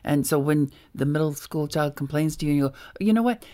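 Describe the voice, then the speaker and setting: A woman's voice: low voice, completely flat delivery, fast talker, warm tone. A woman author on a talk show, giving emphatic parenting advice. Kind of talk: interview conversation.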